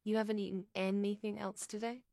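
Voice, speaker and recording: A woman voicing a teasing man who keeps pressing with mock-gentle questions, in a story reading. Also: mid-range voice, level tone, brisk, creaky, no echo, clean studio sound, close to an everyday voice.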